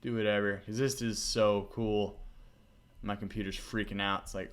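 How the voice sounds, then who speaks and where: Excitable man hosting a coding tutorial. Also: lowish voice, normal speed, clean tone. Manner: excitable, laughs often, talks to himself while coding. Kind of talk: casual screen-recorded coding tutorial.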